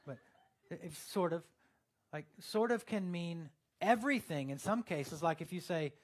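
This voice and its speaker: A pastor preaches a sermon in a casual, conversational way, dropping in lots of fillers and quoted asides. His voice is on the high side and moves at a moderate pace.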